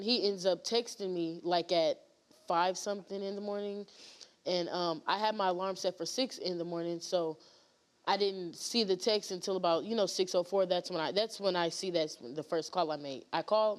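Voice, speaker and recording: A woman's voice: lowish voice, moderate pace. A woman guest on a talk show, telling a painful story in a rambling way with many fillers and restarts.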